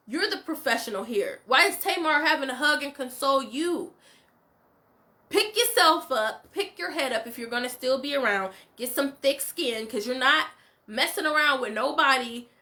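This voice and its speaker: A woman's voice: sits high, pushed and bright. A woman hosting a casual reality show recap, opinionated and emphatic, full of "like" and "you know". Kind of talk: casual reaction commentary.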